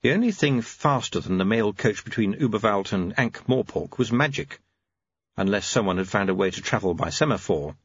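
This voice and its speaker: Male narrator, wry storyteller, lowish husky voice, dull lo-fi dry recording. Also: lively intonation, normal speed, no echo. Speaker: audiobook narrator. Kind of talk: scripted narration.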